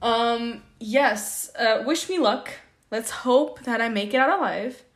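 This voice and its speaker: A woman's voice: fairly high pitch, slow. Young woman podcast host, casual and jittery, rambling and self-deprecating. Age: young adult. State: nervous. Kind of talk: casual solo podcast update.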